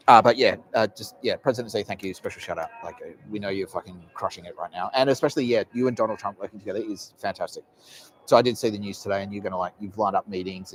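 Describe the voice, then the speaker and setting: A man's voice: sits low, a little hiss or hum. An Australian man hosting a casual live podcast, rambling and swearing often with frequent laughs. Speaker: podcast host.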